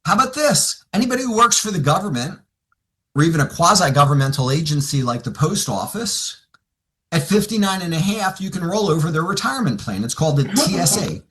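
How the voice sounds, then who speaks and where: A bright, high-pitched man with a lively, swinging delivery, coaching a room on winning client referrals. He tells stories and slips into quick back-and-forth dialogue, playing himself and his clients in turn. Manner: animated storyteller, acts out both sides of client conversations. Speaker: financial advisor sales trainer. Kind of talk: seminar talk with acted dialogue.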